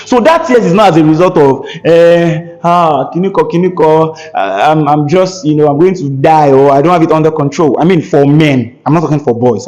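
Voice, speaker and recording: A man's voice: on the high side, darkish tone. A young man talking earnestly and emphatically as a podcast guest, with a preacherly tone. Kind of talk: earnest conversational talk.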